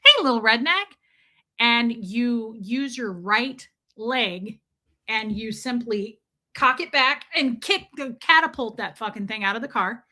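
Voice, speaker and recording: A woman's voice: on the high side, slow, sharp tone. A woman streamer telling a story as a comedic, profane rant. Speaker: live streamer.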